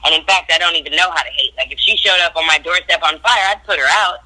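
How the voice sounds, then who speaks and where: A woman's voice: low voice, quick pace, pushed and bright, low-quality recording. Brash, blunt woman telling stories. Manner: brash, profane, blunt storytelling. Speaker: reality TV guest. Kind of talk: casual phone interview. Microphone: phone call.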